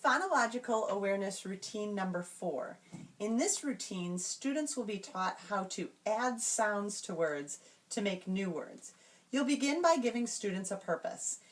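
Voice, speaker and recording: A woman explaining classroom reading routines to teachers, slowly and carefully, and modeling each word sound by sound. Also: mid-range voice, lively intonation. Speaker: teacher trainer.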